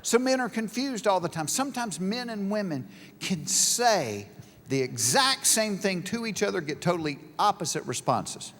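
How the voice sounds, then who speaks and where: Middle-aged comedian, lively high voice. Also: male voice, normal speed. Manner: storytelling, acting out both sides of conversations. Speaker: stand-up comedian. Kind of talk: stand-up comedy routine. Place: large live venue with an audience. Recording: live show with hall reverb.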